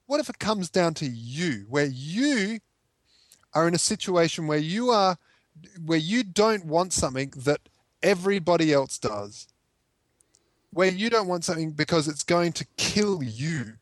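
A man's voice: a little high, sing-song, a little slow, dry recording. A man co-hosting a casual commentary chat, arguing his point with rhetorical questions. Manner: argumentative, fires rhetorical questions. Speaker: co-host.

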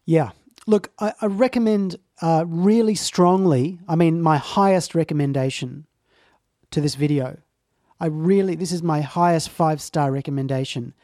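Mellow man, emphatic host. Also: on the high side, normal speed, dry recording, studio quality. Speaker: talk show host. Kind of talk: casual commentary chat.

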